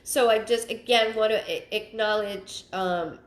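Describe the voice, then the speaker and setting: A woman giving a live psychic reading, thinking aloud in halting, repeated phrases and sounding stuffed up. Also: mid-range voice. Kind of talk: livestream reading. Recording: roomy echo.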